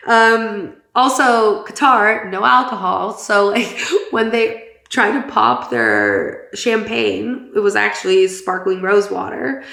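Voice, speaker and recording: Gravelly-voiced gossipy woman podcast host. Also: mid-range voice, fairly bright tone. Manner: chatty and gossipy, swears, many fillers. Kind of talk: casual chat. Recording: roomy echo.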